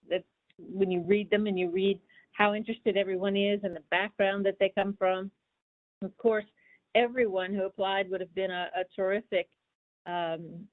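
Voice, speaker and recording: A woman leading a virtual meeting as agency administrator, talking in a loose, chatty way. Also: medium pitch. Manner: warm, chatty, with many fillers and restarts. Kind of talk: casual meeting talk. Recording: tinny phone-line audio.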